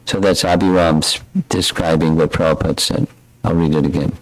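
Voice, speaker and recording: An older man giving a scripture class as a spiritual teacher, telling stories in a reflective, unhurried way. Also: rumbling low, steady tone, no room sound, rough recording.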